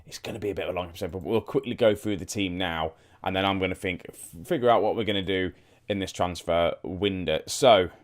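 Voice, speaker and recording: A young gaming YouTuber with a very deep voice briskly walks viewers through a football management game. He rambles and thinks aloud in an easy, chatty manner, asking them questions as he clicks through menus.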